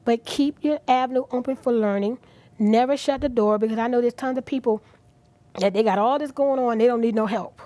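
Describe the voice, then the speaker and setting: Middle-aged woman, talk show guest, fairly high voice, earnest and animated, dry close sound. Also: brisk, no room sound. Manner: earnest, animated, drops to soft near-whispers at emotional moments. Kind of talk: inspirational talk show interview.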